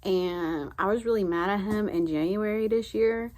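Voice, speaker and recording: A woman's voice: mid-range voice, normal speed, a little mellow. Candid woman talking heart to heart. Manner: rambling, heartfelt, conversational. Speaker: spiritual vlogger. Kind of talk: candid reflective chat to camera.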